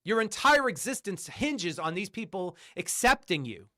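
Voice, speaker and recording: A man's voice: high voice, sing-song, moderate pace, sharp tone. A man on a livestream delivering an angry, profane rant full of repeated rhetorical questions. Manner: combative, repetitive, profane, hammering rhetorical questions.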